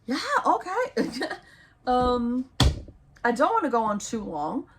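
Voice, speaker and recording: A young woman giving book recommendations in a casual vlog, rambling and hesitant with many ums and self-corrections, her voice going hoarse. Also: fairly high pitch, very animated, slow, noisy background. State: losing her voice. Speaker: book vlogger.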